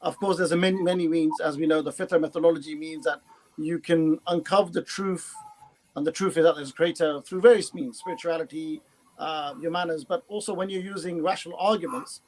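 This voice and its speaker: A man's voice: fairly high pitch, fairly even intonation, brisk, a little mellow, low-quality recording. Male guest explaining, faint background hiss. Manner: explanatory, hesitant with fillers and restarts. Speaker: guest speaker. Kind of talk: casual podcast chat.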